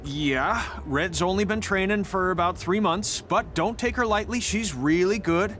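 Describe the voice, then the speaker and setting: A man's voice: high-pitched, measured pace, fairly bright tone, a little hiss or hum. An actor voicing a sardonic veteran male wrestling trainer who teases his students. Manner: sarcastic, teasing. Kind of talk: video game cutscene acting.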